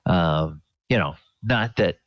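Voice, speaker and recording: A man narrating as game master, slow and searching with many fillers. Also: low-pitched, no room sound. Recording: dull lo-fi audio.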